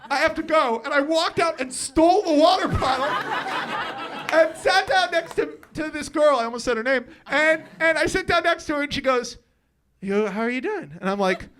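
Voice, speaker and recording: A man's voice: very high-pitched, animated, moderate pace, background noise. A young man telling a personal story at a live storytelling show, often laughing through his lines and acting out his own thoughts.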